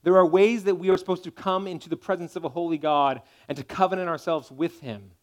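A man's voice: high-pitched, fairly even intonation, fast talker. A man preaching a sermon as pastor, talking in a conversational but emphatic way and checking in with his listeners as he goes.

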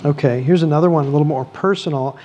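A man's voice: fairly high pitch, quick pace, mellow, a little hiss or hum. A man moderating a church panel, reading out audience questions and inviting the panelists to respond.

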